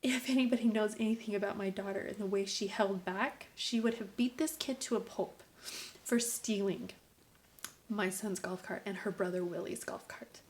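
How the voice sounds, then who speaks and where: A middle-aged woman speaking in an earnest, preachy vlog monologue. Her voice is mid-pitched, and she often sinks into a hushed whisper for emphasis before pushing back up to full voice. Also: normal speed, slight background noise. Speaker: vlogger, mother. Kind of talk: emotional personal vlog monologue.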